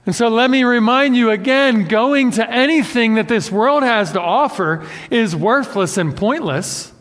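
A man with a notably high voice preaches a conversational sermon, animated and self-deprecating, often acting out what people say. His voice carries a long reverb, as if he is speaking in a hall. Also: unhurried. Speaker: pastor.

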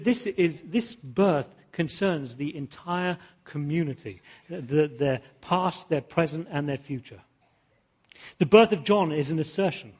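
A pastor preaching a sermon, animated, repeating phrases and asking the congregation questions. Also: male voice, on the high side, breathy edge, dull audio. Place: church.

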